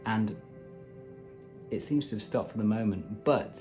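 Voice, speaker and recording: A man's voice: on the low side, unhurried, dark tone, faint music behind. A man hosting a meditation channel, talking casually and animatedly to camera with playful asides. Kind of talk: casual self-help talk to camera.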